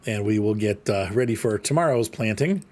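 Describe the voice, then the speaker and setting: A man chats loosely through his gameplay, his pitch bouncing widely as he jokes with himself. He rambles in an easy, offhand way. His asides stay goofy and unhurried. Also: animated, a little mellow. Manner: rambling, playful, jokey asides. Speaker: gaming channel host. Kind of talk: casual gameplay commentary.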